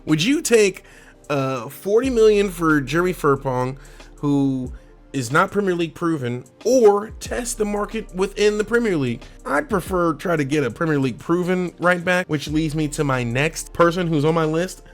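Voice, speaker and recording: A man hosting a casual football transfer talk, animated and slangy, laughing often and asking the fans questions directly. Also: a little high, moderate pace, faint music behind. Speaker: sports channel host.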